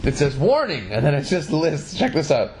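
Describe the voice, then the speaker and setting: A man hosts a casual podcast, telling his stories with plenty of profanity and animated swings. His voice sits a little high for a man. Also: brisk, slight background noise. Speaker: podcast host.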